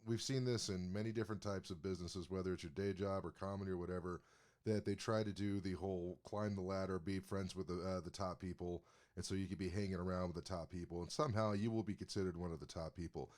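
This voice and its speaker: Deep-voiced man musing profanely. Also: steady tone, fast talker, darkish tone. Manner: profane, reflective commentary. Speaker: podcast co-host and comedian. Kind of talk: casual chat.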